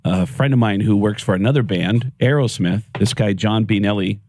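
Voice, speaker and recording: A man telling stories as a comedian guest on a morning radio show, animated and slipping into voices. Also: on the low side, moderate pace, no echo, studio quality. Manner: animated, puts on voices in anecdotes. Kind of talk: casual storytelling on radio. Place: radio studio.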